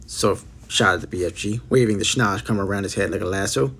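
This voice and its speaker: A man reading a children's book aloud in a lively storytelling way. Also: on the low side, fairly quick, breathy edge. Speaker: audiobook reader.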